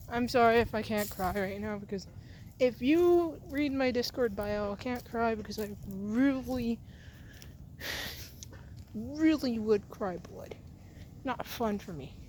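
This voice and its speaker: A woman with a slightly high voice rambles slowly through a casual vlog. She speaks softly and drifts from thought to thought, addressing her pets now and then, with faint animal sounds in the background. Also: slight background noise. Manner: soft-spoken, wandering, talks to her pets. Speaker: channel host.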